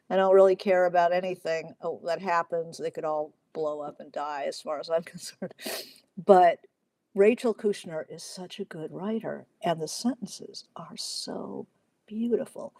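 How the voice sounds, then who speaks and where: A middle-aged woman with a gravelly, creaky edge to her voice, chatting in a loose, digressive way, full of "um"s and restarts. She sounds close to the mic in a dry, dead room. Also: lowish voice, darkish tone, no room sound. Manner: chatty and digressive, many fillers. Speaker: novelist hosting a writing Q&A livestream. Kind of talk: casual livestream talk.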